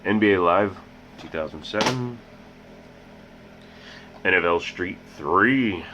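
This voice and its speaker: A man's voice: low-pitched, slow. A man hosting a casual game collection vlog, rambling and making joking asides about himself. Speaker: host. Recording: muffled with loud background hiss.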